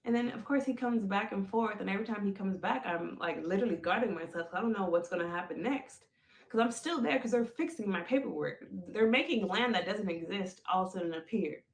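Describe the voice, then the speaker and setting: A woman telling a personal story on a podcast, animated, calling her listeners folks and acting out the things people said. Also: medium pitch, a little fast. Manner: animated, addresses listeners as folks, acts out quoted lines. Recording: roomy echo.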